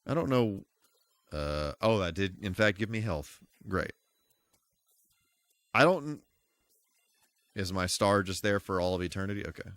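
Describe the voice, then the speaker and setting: A man's voice: deep voice, lively intonation, measured pace, long pauses, fairly bright tone, dry recording. A man giving live commentary while playing a game, breaking into goofy exclamations and mock-formal asides. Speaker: streamer.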